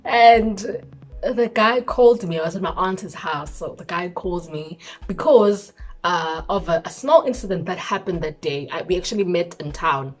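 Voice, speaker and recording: A young South African woman vlogger telling a personal story in an expressive voice, mixing in isiZulu words. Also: on the low side, normal speed, faint music behind. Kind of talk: storytime vlog.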